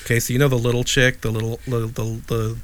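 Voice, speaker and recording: A middle-aged man co-hosts a casual podcast, meandering through an old memory. He corrects himself often and slips in dry asides, in an ordinary mid-pitched voice. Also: flat delivery, fast, slight background noise. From Wheeling, Illinois, USA. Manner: rambling, self-correcting storyteller with dry asides. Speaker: podcast co-host. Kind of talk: casual chat.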